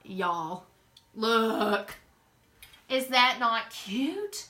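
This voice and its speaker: A woman's voice: on the high side, lively intonation, normal speed, bright, forceful tone. A woman with a Southern US accent hosting a craft show, chatting and rambling straight to her viewers as she works. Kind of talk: casual live-stream craft demo.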